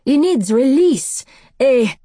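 A woman's voice: sits high, very animated, slow, warm tone, no room sound, clean studio sound, voice pushed up, exaggerated voice. Woman voicing an anguished vampire man. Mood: urgent. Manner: pleading, urgent, raised voice. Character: distressed male vampire with a French accent.

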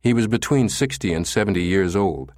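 A man reading an audiobook thriller in steady, measured scripted narration. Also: low voice, dry recording, studio quality.

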